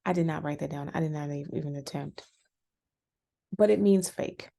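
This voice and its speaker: A woman casually recapping a reality show episode, chatty and animated, with frequent restarts. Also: low-pitched, moderate pace, gravelly. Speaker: reality TV reviewer.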